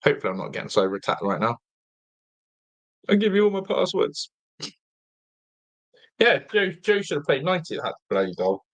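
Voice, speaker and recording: A man's voice: mid-range voice, very animated, fast talker, muffled recording. A man from England hosting a live fan watch-along, chatting loosely, reading viewer comments and grumbling at the team, sounding half asleep. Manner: chatty, reads out viewer comments, swears mildly.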